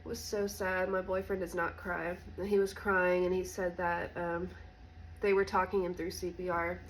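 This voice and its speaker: A woman vlogger telling a personal story in a candid, halting, soft-spoken way. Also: fairly low pitch, little pitch movement, a little hiss or hum, poor audio. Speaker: recovery vlogger.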